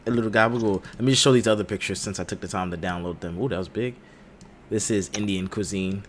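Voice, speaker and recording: A man's voice: low voice, quick pace, noisy background. An American man co-hosting a casual live stream, playful and teasing, breaking into goofy voices. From United States. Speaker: podcast co-host.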